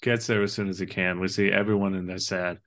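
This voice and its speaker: Male co-host, low register, heartfelt and casual film talk. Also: flat delivery, fairly quick, fairly bright tone. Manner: earnest and emotional, swears casually. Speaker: podcast co-host.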